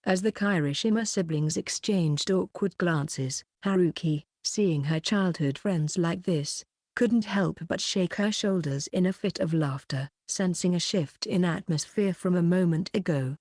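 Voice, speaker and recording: A woman reads a novel aloud in a calm, measured way. Her voice sits low, and the recording is dry and close with no room sound. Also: no echo. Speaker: audiobook narrator. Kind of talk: scripted narration.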